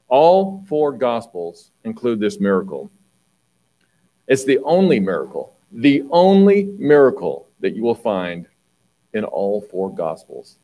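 A man preaching a conversational sermon, reading Bible passages and explaining them, often clearing his throat. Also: on the low side, darkish tone, poor audio.

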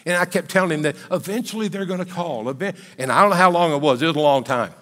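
An older man preaching from a church sanctuary, his voice a little higher than most men's, and his words ringing out in the long reverb of the hall. He speaks as a pastor telling a folksy, conversational story during a live sermon. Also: fast talker, fairly bright tone.

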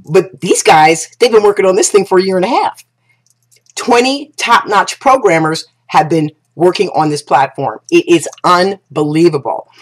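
A woman talking casually to her viewers as an affiliate marketer, gushing and excitable, restarting sentences and piling up exclamations. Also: fairly low pitch. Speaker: affiliate marketer pitching a business platform. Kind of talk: casual promotional vlog talk.

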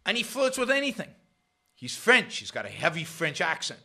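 A middle-aged man hosting a show, talking in a sarcastic, animated commentary with frequent restarts. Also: a little high, normal speed, gravelly. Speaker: show host. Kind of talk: casual commentary monologue.

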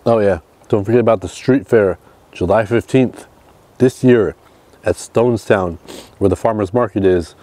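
A man's voice: fairly low pitch, normal speed, warm tone. A man cheerfully narrating as he cooks his catch outdoors on a seashore, chatty and upbeat. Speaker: fishing vlogger. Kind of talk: outdoor cooking vlog.

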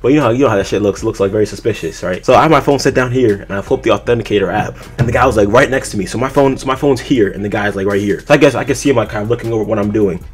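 Fast-talking young man telling a story. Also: on the low side. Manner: animated retelling, casual swearing. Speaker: gaming YouTuber. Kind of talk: storytime vlog.

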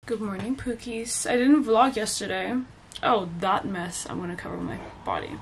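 A woman's voice: medium pitch, moderate pace, background noise. A woman in her twenties talking casually to camera in a vlog, chatty and giggly, with easy swearing. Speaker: vlogger.

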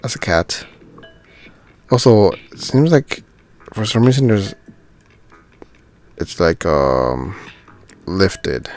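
A man's voice: sits low, very animated, takes it slowly, long pauses, darkish tone, faint music behind. A man giving casual commentary while playing a video game, thinking aloud and easily delighted by small things. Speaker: gaming channel host.

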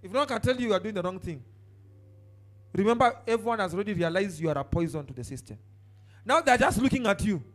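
This high-voiced pastor talks fast and animatedly through his sermon. He bounces from shouts to quiet asides and calls on the congregation to turn to their neighbors.

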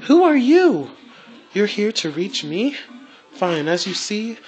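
A man's voice: high voice, very animated, slow pace, soft background music, voice pushed up, exaggerated voice, low-quality recording. A man reading a pleading adult woman's game dialogue aloud in a raised voice.

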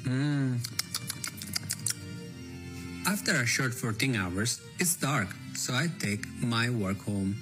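A man doing a deadpan guy who mocks the American grind in broken English, his voice sitting at an ordinary middle pitch. He speaks a comedic skit voice-over, and clear music plays under him. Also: slow, long pauses. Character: Italian man mocking American work life.

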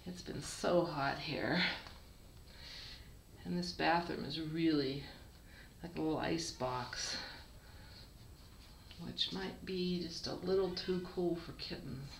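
A woman's voice: low-pitched, slow pace, creaky, long pauses, slight background noise. A woman breeder filming her kittens, talking casually and cooing to them in a small bathroom. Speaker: cat breeder. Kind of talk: casual video narration. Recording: echoey bathroom, mic far off.

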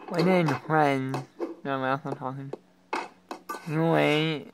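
A man giving reaction commentary, talking along casually and breaking into loud, excited exclamations. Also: a little high, measured pace, creaky, pauses often, low-quality recording. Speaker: reaction video creator.

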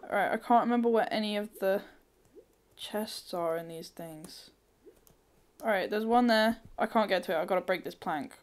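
A woman giving casual let's-play commentary, thinking aloud, swearing freely and breaking into sudden excited squeals. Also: medium pitch, moderate pace. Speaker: gamer.

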